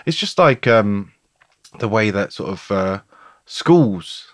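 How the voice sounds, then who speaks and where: A man's voice: lowish voice, animated, slow, dry recording, studio quality. A man hosting a podcast, talking in a blunt, chatty, colloquial way in casual conversation. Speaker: podcast host.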